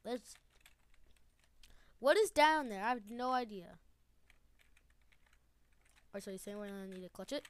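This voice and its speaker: A woman giving excitable gameplay commentary, laughing often and repeating her phrases. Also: on the high side, measured pace, long pauses, smooth, no echo. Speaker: gamer.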